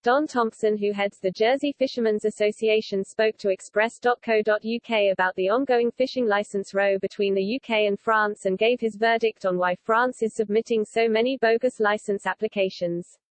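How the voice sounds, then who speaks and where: Lady reading out a news story, even and steady, middle voice. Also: medium pitch, moderate pace, few pauses, no room sound. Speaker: news narrator. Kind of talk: scripted news narration.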